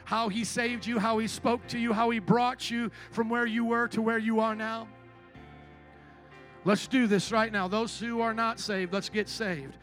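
A male pastor with a notably high voice delivers a sermon. He is emphatic and rhetorical and keeps pressing the congregation to answer back. Soft music plays faintly behind him. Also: level tone, unhurried. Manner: emphatic, rhetorical, call-and-response preaching.

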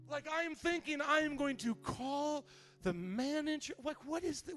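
High-voiced animated pastor, man. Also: normal speed, faint music behind. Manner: animated, acts out quotes, casual slang. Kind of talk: storytelling sermon.

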